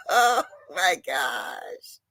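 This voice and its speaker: A woman's voice: lowish voice, huge pitch swings, very slow, vocal fry, bright, forceful tone, dry recording, poor audio. A woman co-hosting a casual livestream chat, chatty and laughing often. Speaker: co-host.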